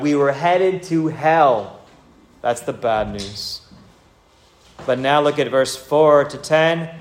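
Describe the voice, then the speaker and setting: Earnest preacher, male, slightly high voice, exhorting delivery, roomy echo. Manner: earnest, exhorting, rises and falls for emphasis. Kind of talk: sermon. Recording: echoey room.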